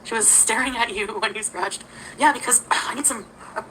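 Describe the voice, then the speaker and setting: A woman's voice: on the high side, normal speed, bright, forceful tone, slight background noise, poor audio. A woman talking casually on a livestream, greeting viewers by name and giggling often.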